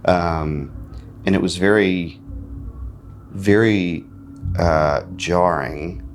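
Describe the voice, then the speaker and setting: A man from North Carolina, a musician giving a backstage interview, speaking in a reflective, articulate way with frequent pauses and fillers. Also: sits low, slight background noise. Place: festival backstage.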